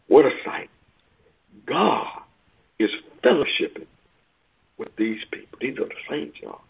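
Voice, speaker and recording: A man preaching a sermon, reading scripture aloud and explaining it with emphatic swells and hushed asides. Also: medium pitch, very animated, unhurried, vocal fry, pauses often, husky. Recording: tinny phone-like line.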